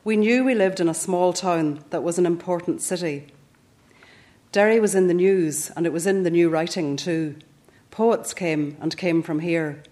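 A Northern Irish woman in her fifties reading her own reflective first-person essay in a measured way. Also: on the low side, darkish tone. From Northern Ireland. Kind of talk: scripted first-person narration.

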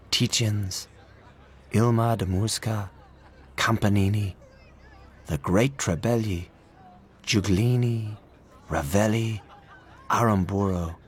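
A man reading a literary story aloud in a measured, expressive storytelling manner. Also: on the low side, slightly rough. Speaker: audiobook narrator. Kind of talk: literary audiobook narration.

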